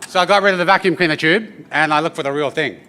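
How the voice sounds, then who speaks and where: A man, telling stories and teaching didgeridoo to a live audience in a lively, joking way, checking in with the crowd. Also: on the high side, fast, slight background noise. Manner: lively, joking, addresses the crowd with "yeah?" tags. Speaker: didgeridoo performer. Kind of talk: storytelling performance to an audience. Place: event venue with an audience.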